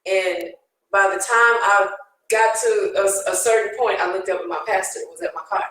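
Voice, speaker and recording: A woman on a discussion panel speaks earnestly and with feeling, pouring out a personal story in a casual talk. Her voice sits at a middle pitch, and it rings out in a room full of heavy echo. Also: steady tone, moderate pace, fairly bright tone. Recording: very echoey room.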